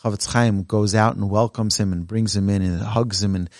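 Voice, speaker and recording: A male rabbi delivers a Torah talk in a fairly low voice, earnest and exhortative, lifting his pitch for emphasis as he tells a story. The sound is close and dry, with little room echo. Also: steady tone, normal speed, darkish tone. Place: Torah learning center, indoors. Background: live audience present.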